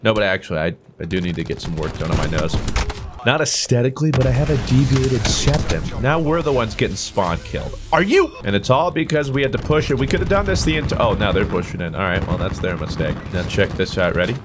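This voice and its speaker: A young man giving playful, jokey commentary over his own gameplay, trash-talking and yelling with sudden bursts of excitement. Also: medium pitch, background noise. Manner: playful, jokey trash talk, animated outbursts. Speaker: gaming YouTuber. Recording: game audio with gunfire and music behind.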